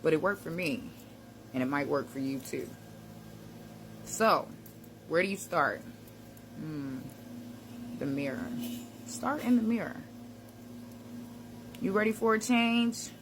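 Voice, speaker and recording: A woman with a fairly low-pitched voice talking through a casual motivational video. She speaks in a conversational, reflective way, with relaxed slang and easy laughter. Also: slow pace, pauses often, background noise. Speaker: self-help vlogger.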